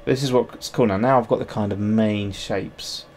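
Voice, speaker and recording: Male streamer, lower voice, rambling self-mocking live commentary while working, faint background noise. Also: fairly even intonation, normal speed, darkish tone. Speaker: sculptor streaming his work. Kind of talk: casual livestream chat while working.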